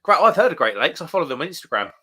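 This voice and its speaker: Bright-voiced British man chatting about beer. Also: fairly high pitch, big pitch swings, racing, slightly rough. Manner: chatty and enthusiastic, lots of "um" and restarts. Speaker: co-host of a beer live stream. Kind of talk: casual chat, reading viewer comments.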